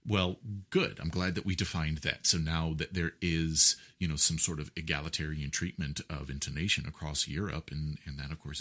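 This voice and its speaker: A man's voice: rumbling low, a bit bright, slightly rough. A man being interviewed, explaining music theory in a lecturing way, with frequent fillers and questions like "right?" to check that he is understood. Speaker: guest musician.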